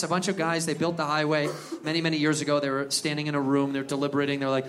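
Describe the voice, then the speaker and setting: Male stand-up comic, high voice, rowdy profane storyteller; live room with audience noise. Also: rapid-fire. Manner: loud, profane, animated storytelling with shouted bits. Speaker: stand-up comedian. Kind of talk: stand-up comedy. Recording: live club with crowd laughter and noise.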